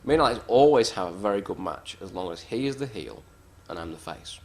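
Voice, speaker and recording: A man with a fairly low voice spins wrestling stories in a loose, casual way. He is blunt and swears freely, often poking fun at himself. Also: animated, brisk, a little hiss or hum. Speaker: professional wrestler interviewee. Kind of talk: casual anecdotal storytelling.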